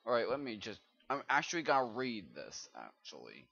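A man giving casual gameplay commentary who swears often and breaks into loud, frustrated outbursts. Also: mid-range voice, wildly swooping pitch, normal speed, gravelly, hardly any pauses. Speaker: Let's Play gamer. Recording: dull lo-fi recording.

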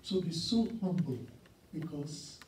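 A man's voice: a little high, lively intonation, slow, darkish tone, a little hiss or hum. A man in his sixties preaching a sermon as a guest preacher, telling personal stories earnestly with emphatic repeats. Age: 60s. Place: church sanctuary. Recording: roomy church sound from a distance.

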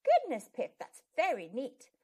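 A woman plays a kindly storybook teacher, bright and encouraging. The voice rides high and lively. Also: a little slow, full character voice. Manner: warm, encouraging. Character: gentle, friendly female primary teacher.

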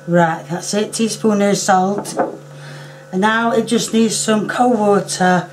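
A hoarse woman who is losing her voice talks casually through a home cooking demonstration. She often clears her throat and apologises. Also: medium pitch, steady tone, slow, a little hiss or hum.

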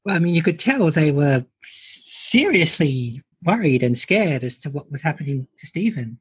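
Raspy woman musing in casual chat. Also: low-pitched, very animated, moderate pace, no room sound. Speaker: podcast co-host.

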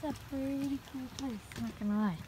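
A woman's voice: high-pitched, fairly quick, noisy background. Jumpy woman muttering on a forest trail. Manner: jumpy, swears often, mutters half under her breath. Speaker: vlogger. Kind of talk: nervous solo walking vlog. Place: outdoors on a wooded trail. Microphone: phone held in hand.

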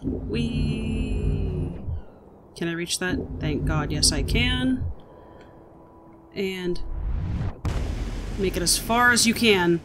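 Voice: mid-range voice, lively intonation, slow pace, long pauses, very noisy. A gaming video host giving chatty, reactive commentary while playing. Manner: chatty, reactive, exclaims at gameplay. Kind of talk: let's-play commentary.

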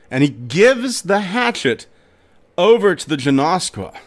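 A male podcast host narrates a folk tale with dramatic, expressive storytelling. His pitch moves in lively swoops while he keeps an unhurried, deliberate pace.

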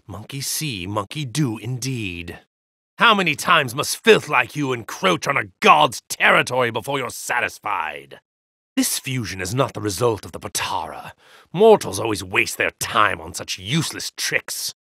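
A sneering, gravelly evil god. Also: male voice, mid-range voice, very animated, moderate pace, pushed and bright, dry recording, studio quality, heavily acted. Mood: contemptuous. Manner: haughty, contemptuous, grandiose. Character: arrogant evil god in a hero's body, male. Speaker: video game character. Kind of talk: game voice lines.

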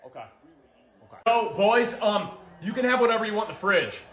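A man's voice: high-pitched, animated, a little fast, fairly bright tone, roomy sound. A young man acting out comedy sketches in brash, slangy bro talk.

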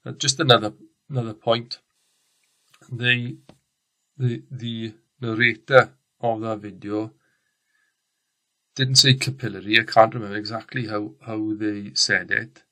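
A man's voice: lowish voice, steady tone, unhurried, pauses often, bright, forceful tone. A man with a Welsh accent, a teacher giving a recorded science lesson in a chatty, rambling way and often restarting his sentences. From Wales. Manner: chatty, rambling, self-correcting.

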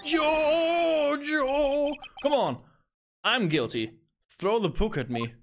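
A man's voice: very animated, normal speed, faint music behind. A man voicing a frantic young male suspect who keeps shrilly begging to be declared guilty. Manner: shrill, pleading, yelling.

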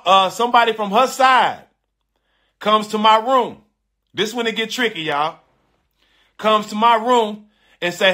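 A middle-aged man hosting a podcast, telling a story casually in animated, profane slang and repeating his phrases. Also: high voice. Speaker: podcast host.

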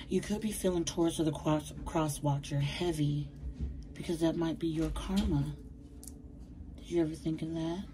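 A woman's voice: low-pitched, warm tone, slight background noise, low-quality recording. A woman giving a casual tarot reading at home, chatty and emphatic, full of slang and calling viewers baby. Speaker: tarot reader. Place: bedroom at home.

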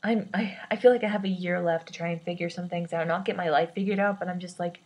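A woman's voice: fairly low pitch, fairly even intonation, fast talker, a little mellow, breathy edge, poor audio. A woman in her twenties talking through her worries in a rambling personal vlog, hesitant and self-doubting, with many restarts. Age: 20s. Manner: self-described awkward and introverted. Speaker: vlogger.

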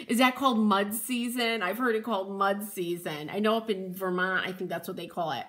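A woman's voice: medium pitch, moderate pace, a bit bright. A woman hosting a live painting demo, chatting with viewers and reading out their comments while she works, with playful asides and frequent laughs.

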